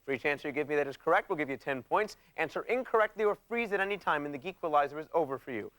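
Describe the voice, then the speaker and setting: A man's voice: fairly high pitch, very fast, no room sound. A man hosting a television game show in an upbeat, announcer-like way. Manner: energetic, announcer-like. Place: TV studio. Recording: studio with audience and music. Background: studio audience and show music.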